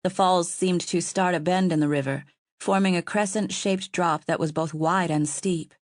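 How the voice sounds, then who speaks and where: A woman reads an audiobook in a calm, even way. Her voice sits a little low, and the recording is dry and close. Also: normal speed, no echo. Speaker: audiobook narrator. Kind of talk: scripted narration.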